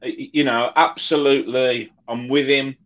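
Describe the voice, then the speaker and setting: A man talking as a fan guest on a video call, slow and measured with many "um" pauses. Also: mid-range voice, steady tone, fairly bright tone, muffled recording. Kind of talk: casual chat.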